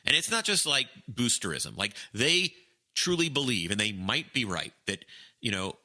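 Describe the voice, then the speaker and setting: Excitable man with a very bright voice. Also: mid-range voice, normal speed. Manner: excitable, emphatic, often restarts phrases. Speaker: podcast co-host. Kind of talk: casual chat.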